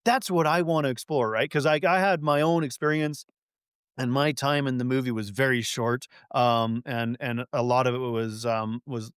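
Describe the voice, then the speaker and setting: A man in casual conversation as a podcast guest, talking in an animated, rambling way full of fillers and restarts. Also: medium pitch, clean tone, dry recording, clean studio sound.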